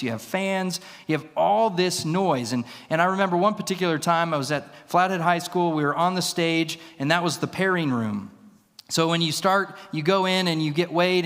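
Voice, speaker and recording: A man's voice: on the high side, fairly bright tone. A male pastor telling a story in a sermon, vividly acting out the voices in it. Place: church sanctuary. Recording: long reverb in a church hall.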